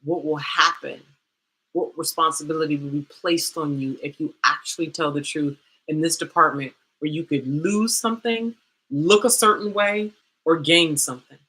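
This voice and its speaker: A woman coach telling a candid personal story, animated and dramatic, with slangy asides like "girl" and "baby". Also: sits low, normal speed. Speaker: coach and host.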